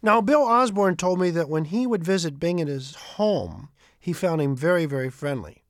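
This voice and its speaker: Male storyteller, high-pitched, animated, dry close sound. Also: moderate pace, dry recording. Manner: animated, repeats quoted speech. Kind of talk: retelling anecdotes.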